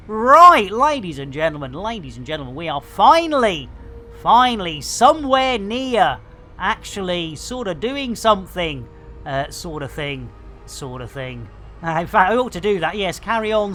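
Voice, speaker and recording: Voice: medium pitch, sing-song, a little slow, a bit bright. Boisterous, jokey streamer. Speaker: game streamer. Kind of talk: playing a space game and chatting.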